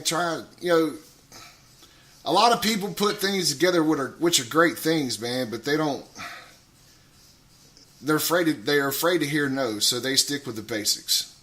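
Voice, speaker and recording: A man talking casually on a radio show, rambling, swearing a lot and getting loud. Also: on the high side, expressive, moderate pace, pauses often.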